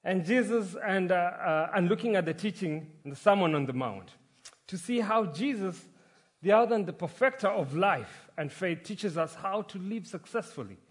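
A male pastor delivering a sermon in an earnest, storytelling manner. His voice is husky and pitched fairly high. He has a relaxed, conversational way of preaching to his congregation. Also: normal speed. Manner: earnest, storytelling, some restarts. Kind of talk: sermon with prayer and joke.

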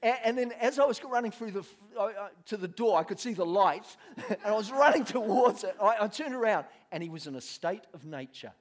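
A man's voice: high voice, expressive, a little fast, hardly any pauses. A man preaching a sermon, telling a story with lots of laughter and acted-out voices.

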